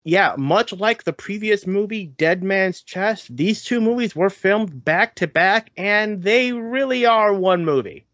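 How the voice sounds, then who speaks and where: A man's voice: high-pitched, expressive, unhurried, hardly any pauses, fairly bright tone, no room sound, lo-fi sound. A man co-hosting a podcast in casual chat, candid and laughing often. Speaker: podcast co-host.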